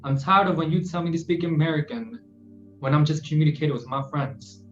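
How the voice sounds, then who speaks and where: A man reciting spoken word poetry in an earnest, measured way. His delivery stays steady and sincere. The recording sounds roomy and a bit dull. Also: on the high side, soft background music. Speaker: guest poet. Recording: roomy, muffled podcast audio.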